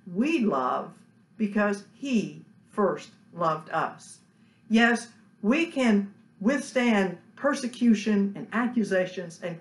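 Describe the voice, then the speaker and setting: Slow, earnest woman preaching in church. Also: medium pitch. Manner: slow, earnest preaching with soft, hushed endings. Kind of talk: sermon. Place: church sanctuary. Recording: echoey church room.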